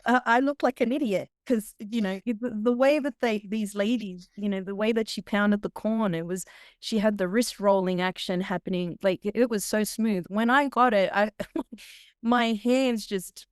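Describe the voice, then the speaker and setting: A woman's voice: medium pitch, moderate pace, no echo, clean studio sound. A middle-aged woman with an Australian accent, a podcast guest telling stories animatedly with laughs and frequent restarts. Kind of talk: podcast interview storytelling.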